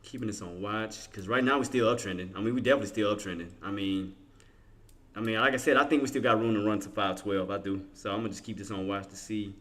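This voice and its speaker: A man's voice: fairly low pitch, steady tone, fast talker, fairly bright tone. A man streaming his live trades, thinking aloud in casual slangy talk and chatting with his viewers. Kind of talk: live trading commentary.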